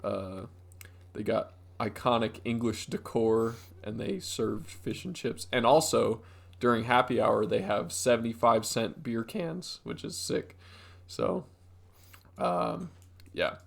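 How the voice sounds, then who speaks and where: Young guy cohosting a podcast, gravelly, rambly storyteller with lots of ums. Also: medium pitch, takes it slowly. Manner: rambling storytelling with many fillers. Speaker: podcast co-host. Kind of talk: casual chat.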